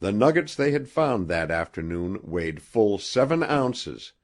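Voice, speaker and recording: Reading a scripted adventure audiobook, this deep-voiced man is very animated and unhurried. His low pitch swings widely to follow the story, and his telling is expressive.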